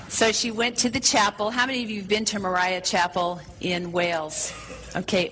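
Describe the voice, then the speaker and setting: A woman's voice: lowish voice, fairly bright tone, a little hiss or hum, rough recording. A woman preaching, telling a story to a congregation in an enthusiastic, breezy manner. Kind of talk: sermon storytelling.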